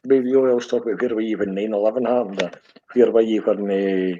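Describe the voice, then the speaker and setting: A man's voice: fairly low pitch, fairly even intonation, fast talker, dark tone. A middle-aged man with a Glasgow accent, hosting a podcast in blunt, sweary football chat and tagging his lines with "eh?". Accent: Scottish, Glaswegian. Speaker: podcast host. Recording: dull lo-fi audio.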